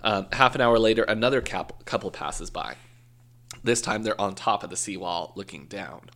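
A man with a low, gravelly voice narrates a true crime case in casual conversation. He jokes, swears now and then, and corrects himself as he goes. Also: moderate pace, a bit bright. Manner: joking storyteller, swears, self-corrects. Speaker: podcast co-host telling a true crime case. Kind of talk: casual chat.

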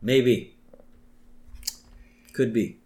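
A man co-hosting a podcast, casually retelling cartoon scenes and jumping into high voices for quoted lines. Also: fairly even intonation, extremely slow, mellow. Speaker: podcast co-host recapping an episode. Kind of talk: casual chat.

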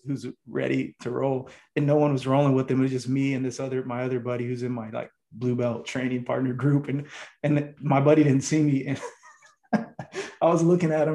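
A man's voice: mid-range voice, warm tone. A man co-hosting a podcast in casual chat, laid-back and cursing freely, calling people "man" and "dude". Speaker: podcast co-host.

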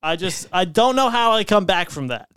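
Loud rambling man in his twenties. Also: lively intonation, moderate pace, clean tone, dry recording, clean studio sound. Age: 20s. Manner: loud, rambling and profane, with sudden jumps in pitch. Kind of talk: casual chat.

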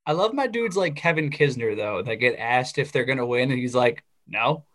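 A man's voice: medium pitch, a little fast. Opinionated young man ranting casually. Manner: opinionated, animated when ranting. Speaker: podcast co-host. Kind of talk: casual chat.

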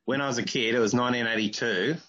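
Australian male host, 40s, husky blunt teaser, dull lo-fi mic. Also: mid-range voice, fairly even intonation, fast, bright, forceful tone. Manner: blunt, crude, teasing. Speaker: podcast host. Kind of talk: casual interview chat.

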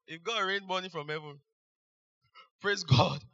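High-voiced preacher, dull lo-fi sound. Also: male voice, a little slow, pushed and bright. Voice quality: frequent hallelujahs, repeats phrases for emphasis. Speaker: pastor. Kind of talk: sermon. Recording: dull lo-fi recording.

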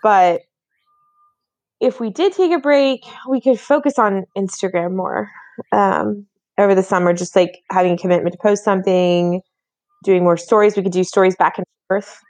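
A woman's voice: mid-range voice, moderate pace, a little mellow, dry recording. A woman in her thirties co-hosting a podcast, chatting casually and filling her talk with "like". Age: 30s. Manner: chatty, lots of "like" fillers. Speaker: podcast co-host. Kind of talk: casual chat.

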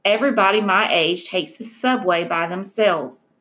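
A woman's voice: mid-range voice, normal speed, fairly bright tone, lightly acted. A woman reading aloud as a defensive, stubborn teenage girl in a family argument. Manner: insistent, spiteful edge.

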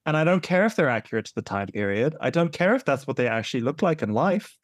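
A man co-hosts a casual podcast and talks in an animated way, laughing often as he gets playfully exasperated. His voice sits at an ordinary pitch and sounds dry and close. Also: fast talker, no echo. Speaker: podcast co-host. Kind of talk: casual chat.

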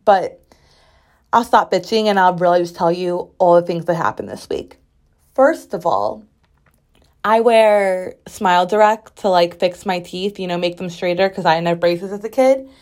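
A woman's voice: on the low side, expressive, moderate pace, a little mellow. A woman in her twenties hosting a casual solo podcast, chatty and sassy, with many "like" fillers. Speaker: podcast host.

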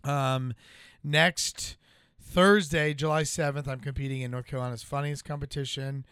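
Bright, smooth-voiced comedian guest. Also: male voice, mid-range voice, steady tone, normal speed, dry recording, studio quality. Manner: laid-back, agreeable, plugs his shows. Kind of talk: casual podcast chat.

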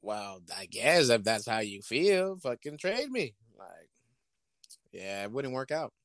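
Animated man in profane sports banter. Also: mid-range voice, takes it slowly, dry recording. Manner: profane, animated, acts out imagined dialogue. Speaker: podcast co-host. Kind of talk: casual sports chat.

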